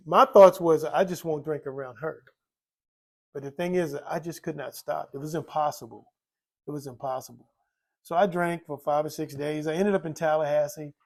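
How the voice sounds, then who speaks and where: Older guy, gravelly kinda high voice, rambling honest recovery story, lots of "you know". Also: steady tone, normal speed. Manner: rambling, repeats phrases, many "you know" fillers. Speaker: recovering alcoholic telling his story. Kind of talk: candid personal testimony.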